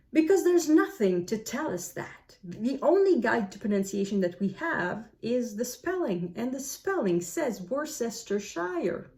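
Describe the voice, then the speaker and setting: A woman's voice: a little high, dark tone. A woman whose first language is French, talking to camera as a book vlogger, musing aloud and asking herself questions. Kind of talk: casual talk to camera.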